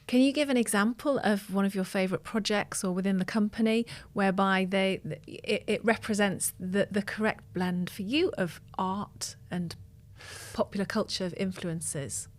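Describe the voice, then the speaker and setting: A woman's voice: mid-range voice, moderate pace. A woman hosting a podcast interview, asking her guest brief, encouraging questions. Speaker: podcast host.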